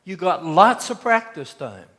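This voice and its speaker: A man's voice: high voice, sing-song, unhurried, bright, forceful tone. A man preaching a sermon as pastor, telling folksy stories and acting out quotes. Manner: folksy storytelling with acted-out quotes. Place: church sanctuary. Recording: long church hall reverb.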